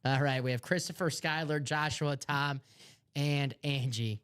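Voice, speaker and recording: A man's voice: a little high, measured pace, a bit bright, clean tone. A man with a Chicago accent hosting a live memorabilia break stream, upbeat and joking as he hypes items. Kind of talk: live stream sales chat.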